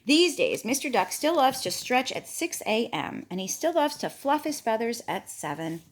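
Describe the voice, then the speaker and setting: A woman's voice: a little high, big pitch swings, moderate pace. A woman reading a picture book aloud to a child, chatty and playful, stopping to talk about the pictures. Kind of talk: storybook read-aloud to a child.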